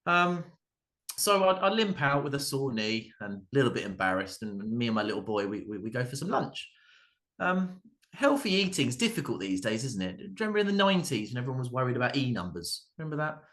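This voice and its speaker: A man, performing a stand-up comedy set in a halting way, with many fillers, restarts and dry asides. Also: mid-range voice, sing-song, fairly bright tone. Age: 30s.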